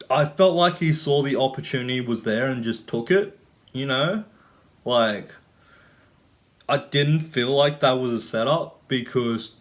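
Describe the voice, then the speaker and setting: A young man ranting and telling stories in a casual vlog, rambling and swearing, full of "like" and "you know". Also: medium pitch. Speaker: vlogger. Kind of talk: casual rant storytelling.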